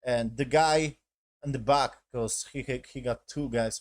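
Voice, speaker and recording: A man's voice: medium pitch, a little slow, dry recording. Dry-voiced man rambling through a recap. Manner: rambling, profane, keeps asking "yes?" and saying "basically"; non-native English with broken grammar. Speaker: episode reviewer. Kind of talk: casual spoken recap.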